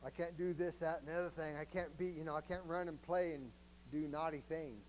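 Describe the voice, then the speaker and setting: A man's voice: fairly high pitch, steady tone, fairly quick, darkish tone, a little hiss or hum, low-quality recording. A man preaching a sermon as a pastor, in a conversational, joking way and often asking the congregation questions.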